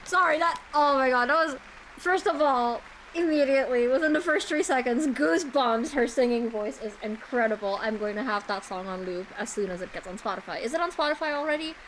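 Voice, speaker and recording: A woman's voice: on the high side, a little fast, slight background noise, poor audio. A young woman streaming a game reaction, emotional and teary, laughing and swearing as she gushes.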